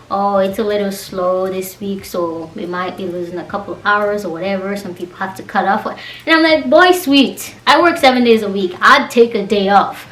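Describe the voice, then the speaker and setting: A young woman vlogging a casual storytime rant, animated and exasperated, acting out the quoted dialogue. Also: mid-range voice, far from the mic. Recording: roomy echo, voice away from the mic.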